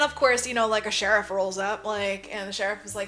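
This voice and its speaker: Talking a little fast with few pauses, a podcast co-host with a bright, forceful, mid-range voice animatedly runs through a movie's plot, acting out roles and swearing freely. Faint music plays behind her.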